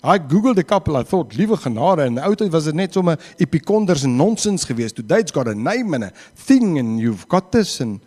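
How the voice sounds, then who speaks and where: A man's voice: on the high side, a little fast, hardly any pauses, in a large hall. A man with a South African accent preaching a sermon in a church, acting out the quotes he tells. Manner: animated, acts out quotes.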